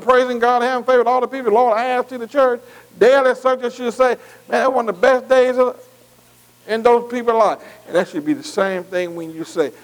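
A preacher with a high-sitting voice calls out to the congregation during a folksy sermon, captured on a rough recording. He speaks in dialect, working in call-and-response.

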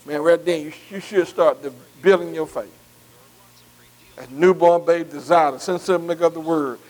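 Preacher guy, pretty high voice, folksy, keeps asking the crowd to answer back. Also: moderate pace, darkish tone, low-quality recording. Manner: folksy, call-and-response preaching with dialect. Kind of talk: sermon.

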